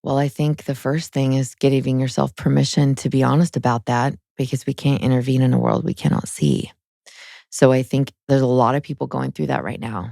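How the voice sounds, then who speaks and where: A woman's voice: rumbling low, fairly even intonation, a little fast, gravelly, mellow, no room sound, studio quality. A woman in her thirties, a guest on an interview show, telling her personal story frankly and emotionally, with many "like" fillers. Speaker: guest, spiritual guide.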